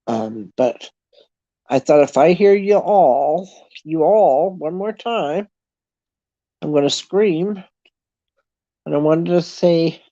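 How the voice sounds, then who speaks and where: A woman's voice: sits low, lively intonation, takes it slowly, long pauses, mellow, no room sound, highs cut off. A middle-aged Canadian woman with a Canadian accent, chatting casually with her viewers, telling stories and laughing often. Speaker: livestream host chatting with viewers. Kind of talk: casual chat.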